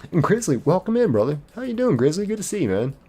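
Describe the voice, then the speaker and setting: A man's voice: high-pitched, sing-song, fast, warm tone, breathy edge. A man streaming a game live, chatting casually and reading viewer comments aloud.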